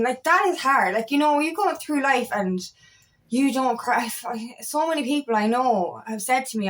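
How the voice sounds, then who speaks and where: Chatty, emphatic woman coach. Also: on the high side. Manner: chatty and emphatic, repeats phrases, casual swearing. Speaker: feminine empowerment coach. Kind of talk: casual motivational talk to camera.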